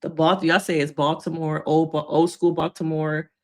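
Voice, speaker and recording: Woman, therapist, casual recap commentary, animated, lowish voice. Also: moderate pace. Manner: conversational, animated, acts out quotes, laughs. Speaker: therapist reviewing a reality show.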